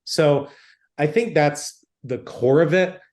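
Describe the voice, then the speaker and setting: A man's voice: a little high, slow pace, darkish tone. A man speaking as a doctor in an interview. He explains in an emphatic, teacherly way and uses everyday comparisons. He keeps checking in with his listener as he goes. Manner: emphatic, explains with plain examples and "okay" check-ins. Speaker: physician guest.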